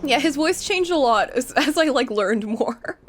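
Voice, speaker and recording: A woman's voice: sits high, animated, a little slow. A woman chatting casually while playing a story game, giggly and rambling, correcting herself as she goes. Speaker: game co-player.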